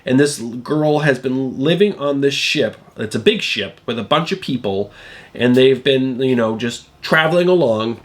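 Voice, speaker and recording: A man's voice: medium pitch, animated, normal speed. A middle-aged man hosting a comic book channel, sounding nasal from a cold, chatting in a rambling way with lots of fillers. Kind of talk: casual video review.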